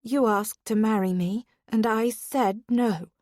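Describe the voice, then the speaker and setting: A woman reading a stubborn, defiant young lady whose lines rise sharp and heated in an audiobook. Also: fairly high pitch, slow, dry recording, clean studio sound. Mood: indignant.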